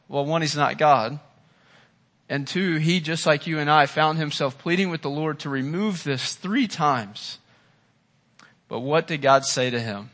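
A man preaching a sermon, swinging from hushed, quiet passages to loud, impassioned ones and asking the congregation questions. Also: fairly high pitch, a little slow. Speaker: pastor. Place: church.

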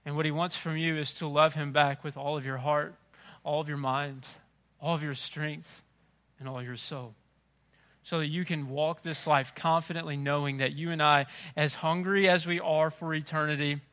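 A man preaching with a bright, ringing tone and a voice pitched a bit above the usual. He is middle-aged and swings between hushed, tender phrases and loud, impassioned emphasis. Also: little pitch movement, normal speed. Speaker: pastor. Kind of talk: sermon.

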